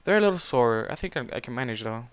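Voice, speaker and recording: A man's voice: mid-range voice, expressive, quick pace, clear, resonant tone, no room sound, natural voice. A man reading aloud voices a weary, injured young pony princess who speaks hesitantly. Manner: hesitant, worn out.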